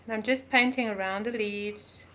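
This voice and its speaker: A woman's voice: mid-range voice, fairly even intonation, normal speed, pushed and bright. A woman teaching a live art journaling lesson, talking through each step as she paints and gushing over colors. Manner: enthusiastic about colors, repeats words.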